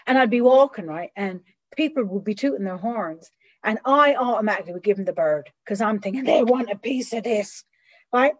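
A middle-aged woman giving a candid personal recovery talk, animated and acting out the voices of people she quotes. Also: mid-range voice, fairly quick, low-quality recording. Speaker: recovery speaker.

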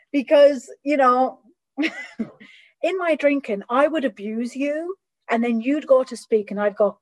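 A middle-aged woman giving a candid personal recovery talk, animated and acting out the voices of people she quotes. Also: a little high, normal speed, poor audio. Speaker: recovery speaker.

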